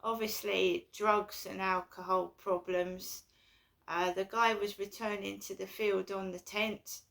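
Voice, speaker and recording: A woman's voice: medium pitch, level tone, takes it slowly, creaky, a bit bright. A woman vlogging in a casual, anxious and rambling way, repeating her complaints. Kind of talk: casual personal vlog.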